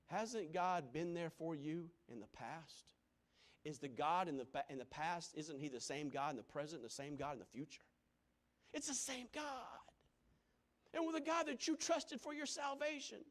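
A man with a high-pitched, fairly bright voice preaches a sermon, reading scripture aloud and building repeated refrains. His cadence is repetitive call-and-response, and he chuckles often.

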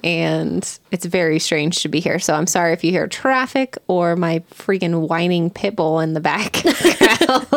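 A woman's voice: fairly low pitch, lively intonation, unhurried, few pauses, no room sound, studio quality. A young woman co-hosting a casual podcast, laughing often and rambling a little self-consciously. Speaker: podcast co-host. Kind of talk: casual chat.

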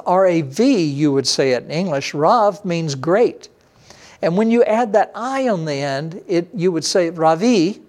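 A middle-aged male pastor delivers a sermon in a slightly high voice. He preaches emphatically, with loud, lifted bursts that fall back to low, quiet stretches. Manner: emphatic preaching with sudden rises and drops in pitch and loudness.

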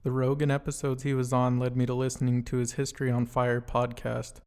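Gravelly man reading a podcast intro. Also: medium pitch, completely flat delivery, brisk, a little mellow. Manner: earnest, read-from-script delivery. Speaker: podcast host. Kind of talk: scripted monologue intro.

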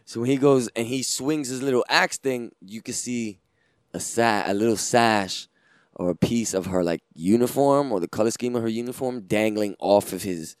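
A man co-hosting a casual podcast, speaking in a laid-back, slangy way with many halting fillers. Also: mid-range voice, clear, resonant tone, dry recording, clean studio sound. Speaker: podcast co-host. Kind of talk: casual chat.

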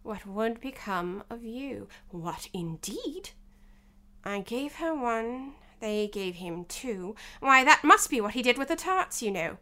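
A woman voicing a fussy, pompous king of cards who talks slowly and mutters to himself. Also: a little high, expressive, bright, forceful tone, full character voice. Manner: slow, muttering, self-satisfied.

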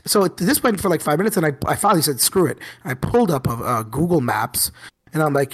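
A husky young man spins classroom stories in loose podcast banter. He gets animated, often laughs, and raises his voice to act out his students. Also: fairly high pitch, fast. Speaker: middle school teacher. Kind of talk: casual podcast storytelling.

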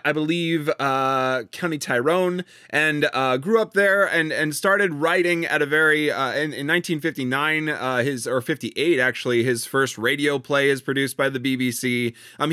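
A man co-hosting a podcast, talking casually and haltingly, with many pauses and restarts. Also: a little high, bright, forceful tone, smooth, dry recording, clean studio sound. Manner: hesitant, many ums and restarts. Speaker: podcast co-host.

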